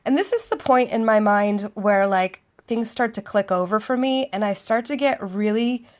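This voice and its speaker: A vlogger tells a dating story in a chatty, sardonic monologue, voicing both sides of the conversation herself. Her voice sits at a medium pitch and moves at a normal speed.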